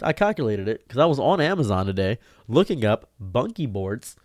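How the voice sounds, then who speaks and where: Exasperated male vlogger ranting about his day, mid pitch, flat dry sound, voice leaps high when indignant. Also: brisk, dry recording. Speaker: streamer and video diarist. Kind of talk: ranting diary vlog.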